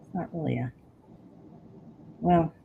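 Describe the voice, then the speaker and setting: Slow, gravelly woman chatting while crafting. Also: low voice, phone-quality sound, noisy background. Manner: chatty, mutters to herself as she works. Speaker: craft livestream host. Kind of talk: casual chat while crafting.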